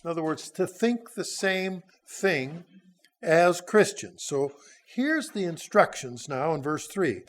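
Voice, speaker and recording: A man's voice: on the high side, expressive, slow. A man in his sixties giving a sermon, teaching through a Bible passage in a folksy, conversational way with frequent hesitations. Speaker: church speaker.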